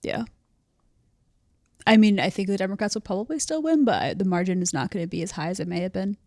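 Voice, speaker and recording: A woman's voice: mid-range voice, quick pace, darkish tone, no room sound, clean studio sound. A woman co-hosting a podcast, chatting about politics in a wry, easygoing way. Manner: wry, easygoing, laughs readily. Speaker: podcast co-host. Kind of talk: casual political chat.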